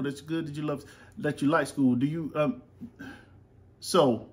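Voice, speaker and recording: A man's voice: a little high, takes it slowly, pauses often, a bit bright. A man, chatting as podcast host and father, rambling with lots of fillers. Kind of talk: casual chat. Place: home.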